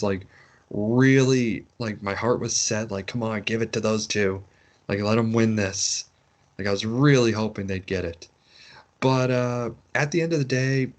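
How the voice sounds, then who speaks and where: A man co-hosting a casual podcast, rambling and teasing his co-host. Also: lowish voice. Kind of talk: casual chat.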